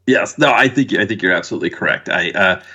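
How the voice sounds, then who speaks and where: A man speaking as a podcast guest in a casual chat. He talks haltingly, stumbling and restarting before his thoughts land. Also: deep voice, pushed and bright, husky. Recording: dull lo-fi audio.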